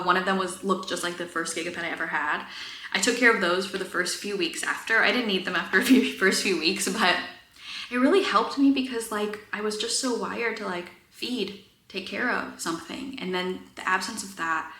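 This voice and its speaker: A woman in her thirties talking candidly to the camera in a personal vlog, earnest, with fillers and soft laughs. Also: mid-range voice, roomy sound. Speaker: vlogger.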